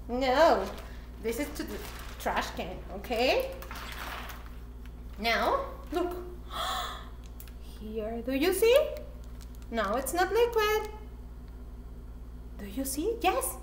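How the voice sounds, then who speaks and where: A woman whose first language is Spanish gives a playful cooking lesson to children, talking in an animated, sing-song way with many excited gasps. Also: sits high, extremely slow, pauses often, echoey room, a little hiss or hum. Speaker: teacher for children.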